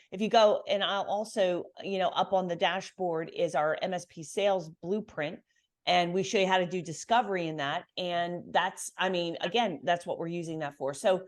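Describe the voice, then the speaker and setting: Confident lady coach, lowish voice, talks fast and emphatic about sales. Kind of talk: coaching call.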